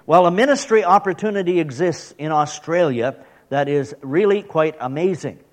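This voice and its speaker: Canadian man, slightly high voice, earnest preacher's mission talk with jokey asides. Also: normal speed. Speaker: missionary radio speaker. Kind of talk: church mission presentation.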